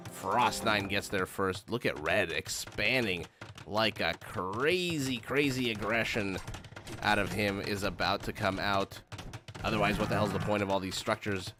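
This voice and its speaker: A man's voice: fairly low pitch, bright, forceful tone. A man doing live play-by-play commentary on a strategy game match, chatting directly to his viewers. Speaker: game caster. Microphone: streaming microphone. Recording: noisy live stream recording.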